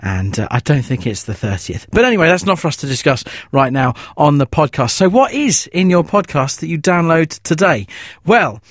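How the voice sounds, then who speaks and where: A man with a fairly high voice presenting a radio podcast intro. He talks in a chatty, self-mocking way, and the sound is dry and close to the mic. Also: sing-song, normal speed, no room sound.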